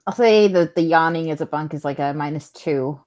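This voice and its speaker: A woman running a tabletop game as game master, matter-of-fact and quick to laugh. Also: sits low, a little mellow.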